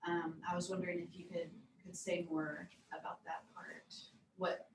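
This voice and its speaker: A woman with a slightly low voice asks her question earnestly, pausing and searching for words. She sounds distant from the mic in a roomy, echoing space with faint background noise. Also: flat delivery. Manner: hesitant, earnest, with fillers. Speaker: student asking a question.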